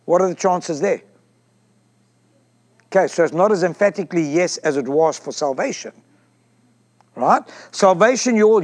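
High-pitched male pastor, emphatic sermon delivery, repeats lines and questions the crowd. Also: lively intonation, normal speed, long pauses. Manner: emphatic, repeats phrases and asks the congregation questions.

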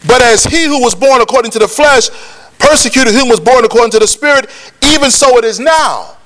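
High-voiced preacher man urging his flock. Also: lively intonation, brisk, a bit bright. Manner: urging, repeatedly prodding listeners for answers. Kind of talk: sermon with call and response.

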